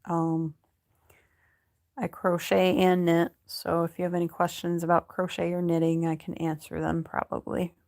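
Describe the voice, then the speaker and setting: A woman hosting a casual crochet livestream, relaxed and chatty, reading viewer comments aloud. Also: lowish voice, normal speed. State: sleepy, yawning. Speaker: livestream host. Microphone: phone.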